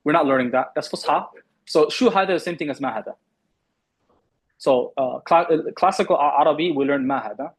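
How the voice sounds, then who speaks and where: A man teaching an Arabic class to students in the room and online, patiently repeating words slowly. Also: mid-range voice, breathy edge, poor audio.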